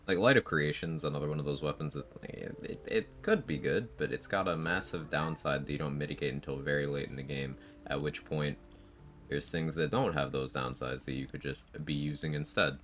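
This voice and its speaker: Super deep-voiced guy streaming, sleepy and chill, laughs a lot, some faint music behind. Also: brisk, fairly bright tone. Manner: laid-back, sleepy, laughs often, swears casually. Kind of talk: casual live-stream chat over gameplay.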